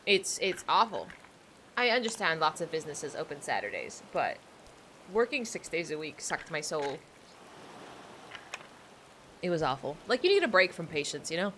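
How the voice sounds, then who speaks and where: Chatty young woman streamer, lively voice. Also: low voice, moderate pace, pauses often, a little hiss or hum. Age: young adult. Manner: chatty, rambling, self-deprecating. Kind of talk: casual livestream chat while playing.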